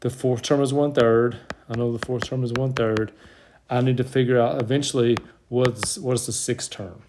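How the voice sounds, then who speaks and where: A man's voice: mid-range voice, steady tone, normal speed, a little mellow, slight background noise. A man teaching a math lesson over a whiteboard, explaining step by step, audibly out of breath. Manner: plain step-by-step explaining, talks himself through the work. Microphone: tablet mic.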